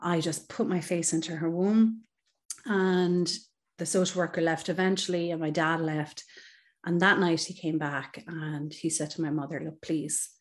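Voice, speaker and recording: A woman's voice: fairly low pitch, steady tone, moderate pace. A woman, a psychotherapist guest on a podcast, telling her personal story in an earnest, reflective way with many "you know"s. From Ireland.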